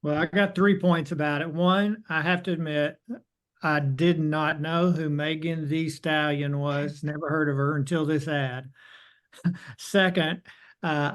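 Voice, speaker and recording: A man with a fairly high, smooth and resonant voice speaks on a casual panel discussion over a video call. He works through his thoughts in a neat, numbered order. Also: a bit bright. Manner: organized, makes numbered points.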